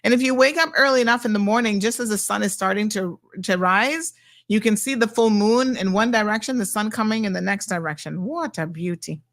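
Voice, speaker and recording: A woman's voice: mid-range voice, fairly quick, a bit bright. A middle-aged woman hosting a talk show, blunt and sassy as she reacts to viewer comments.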